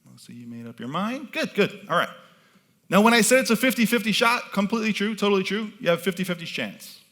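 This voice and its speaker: A man's voice: high-pitched, lively intonation, quick pace, a bit bright. A man performing as a mentalist, leading a live audience through a participation game from an event stage with commanding, playful patter.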